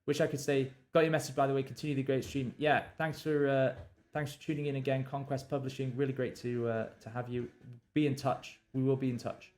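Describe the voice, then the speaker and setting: A man's voice: medium pitch, level tone, a little fast, few pauses, darkish tone. A male novelist on a live stream, talking through his writing with many fillers and restarts and reading draft lines aloud. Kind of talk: thinking aloud while drafting.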